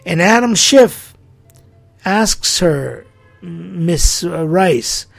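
Gravelly middle-aged man, podcast commentary. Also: sits high, expressive, drawn-out words, soft background music. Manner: incredulous, rhetorical, acts out quotes. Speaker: podcast host. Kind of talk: opinion commentary monologue.

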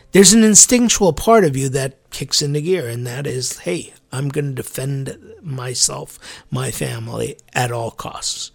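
Gravelly-voiced man musing on defense. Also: on the high side. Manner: musing, animated, laughs at own word slips. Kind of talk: reflective sermon-like talk.

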